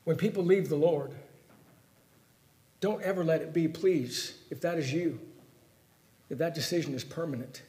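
A man preaching a sermon in a high voice, pressing his points with questions put straight to the listeners. He swings from loud, emphatic lines down to hushed pleading. The sound is echoey, as in a church room. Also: normal speed, pauses often. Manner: asks the listeners direct questions.

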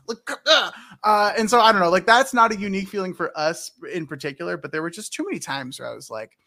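Man, podcast host, bright ringing voice, animated teasing chat, fairly high. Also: brisk, vocal fry. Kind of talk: casual chat.

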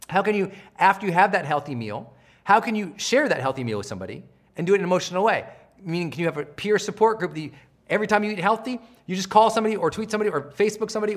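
A middle-aged man, a high performance coach, giving a lively motivational training talk and acting out quotes in a raised voice. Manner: animated, acts out quotes in a raised voice.

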